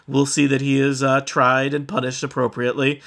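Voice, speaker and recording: A man voicing a gruff, weary small-town woman sheriff, drawling and world-weary. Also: medium pitch, monotone, normal speed, fairly bright tone, slight background noise.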